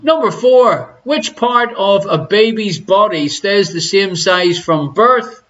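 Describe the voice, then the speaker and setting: Irish man, quiz host, high voice, slow deliberate reading, joking crude asides. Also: lively intonation, fairly bright tone, muffled recording. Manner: jokey, teasing, crude asides. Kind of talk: live-streamed pub quiz banter. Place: living room at home.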